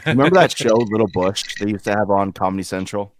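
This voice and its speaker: A man's voice: lowish voice, expressive, fast talker, slight background noise. A man co-hosting a casual chat show who talks in a crude, laid-back way and swears often. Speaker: podcast co-host.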